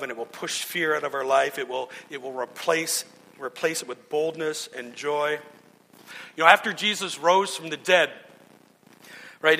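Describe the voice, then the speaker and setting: Earnest sermon storytelling comes from a male pastor who restarts frequently. His voice is on the high side, sharp-toned, with vocal fry, heard through long hall reverb.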